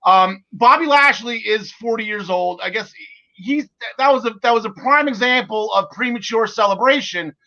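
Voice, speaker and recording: A man in his forties hosting a casual wrestling podcast, excitable and jokey, with lots of fillers. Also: high voice, normal speed. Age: 40s. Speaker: podcast host. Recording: lo-fi audio.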